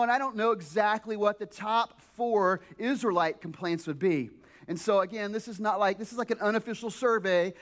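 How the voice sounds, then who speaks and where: A man with a notably high voice gives a sermon to his congregation. He talks the way people chat, leaning on "like" and "you know," and keeps asking his listeners questions. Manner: conversational, filler-heavy, rhetorical questions to the audience. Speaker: pastor. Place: church service, also streamed online.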